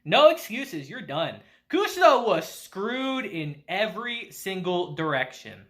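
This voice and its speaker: A man's voice: high voice, very animated, measured pace, a bit bright. A man recapping an anime episode in a laid-back style, cursing and chuckling as he goes. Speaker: anime reviewer.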